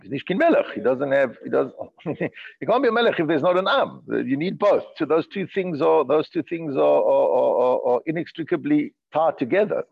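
A man with a fairly high, husky voice and some vocal fry teaches an informal Talmudic class in a study hall, his intonation lively and his pace moderate. He explains the texts with many restarts, jokey asides and Yiddish-inflected phrasing. The audio has a phone-like quality.

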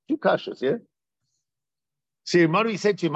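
Animated gravelly man teaching a class. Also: high voice, normal speed, pauses often, no echo, highs cut off. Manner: animated, repeats phrases for emphasis. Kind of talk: Torah class on Tisha B'Av.

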